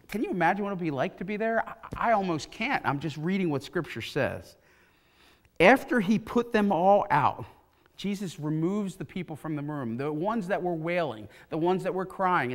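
A pastor preaches in a church, his voice sitting a little higher than most men's. He tells the scripture story with feeling and acts out the voices of the people in it. He speaks into a pulpit microphone. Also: normal speed. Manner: animated storytelling, acting out quoted voices. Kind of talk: sermon. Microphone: pulpit mic.

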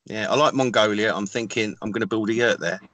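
A man co-hosting an improvised comedy chat, with a dry and playful deadpan manner. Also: on the low side, quick pace, no room sound. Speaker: comedy co-host.

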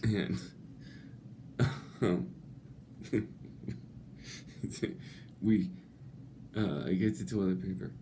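A man telling a rambling comic anecdote, swearing freely and breaking into laughter between halting phrases. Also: deep voice, mellow, a little hiss or hum. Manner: laughs through his words, swears a lot; halting, many restarts. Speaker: storyteller.

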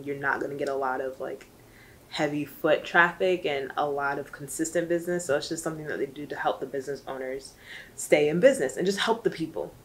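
A woman reviewing a book in casual chat, chatty and emotional, rambling with lots of fillers. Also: deep voice.

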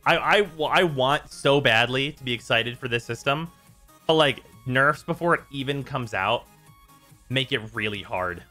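A man's voice: medium pitch, normal speed, faint music behind. A man hosting a gaming stream, ranting in casual chat with lots of swearing. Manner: exasperated, swearing, animated rants. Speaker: streamer host.

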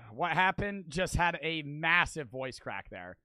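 A man in his twenties doing excitable, slangy live-stream gameplay commentary and yelling at the game. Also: fairly high pitch, measured pace, clear, resonant tone, no room sound. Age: 20s. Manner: excitable, yells at the game, loose slangy chatter.

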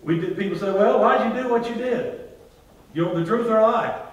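A man preaching a sermon as pastor, drawing responses from the congregation and swinging between loud and hushed delivery. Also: high-pitched, a little fast, muffled recording. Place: large church hall. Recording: very echoey church hall, from far off.

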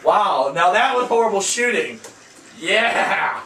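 Excitable young man, echoey room. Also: high voice, takes it slowly. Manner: excitable, loud outbursts, trash-talking. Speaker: gaming YouTuber. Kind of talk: gameplay reaction commentary. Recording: echoey room, distant mic, noisy.

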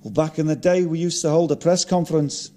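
A man's voice: a little high, fairly even intonation, a little fast, warm tone, natural voice. A man voicing a resurrected late singer, wry and self-mocking. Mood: downbeat. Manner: dry, self-mocking quips.

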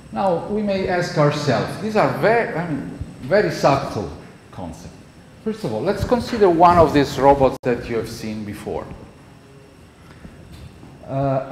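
The speaker is a male university professor with an Italian accent, lecturing conversationally and regularly checking in with the class. He has a mid-range voice with a darkish tone, and the recording comes from an echoey lecture hall with faint noise.

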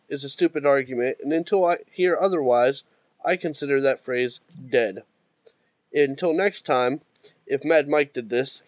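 A man's voice: on the high side, dry recording. A man co-hosting a casual podcast, making an argument point by point. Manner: argumentative, lists his points. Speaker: podcast co-host.

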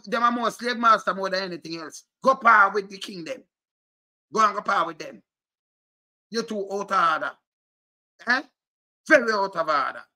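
Jamaican guy going off on a rant, high voice, super sharp and tense, keeps repeating himself in patois. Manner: animated, repetitive, mixes Patois and English. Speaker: commentator. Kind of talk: heated commentary rant.

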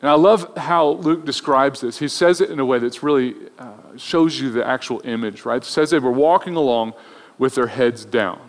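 A male pastor preaches in an easygoing, chatty way. His voice sits at an ordinary middle pitch. It rings out with a long reverb, as in a church hall. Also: moderate pace. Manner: conversational, acts out voices in retold scenes. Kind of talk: Easter sermon.

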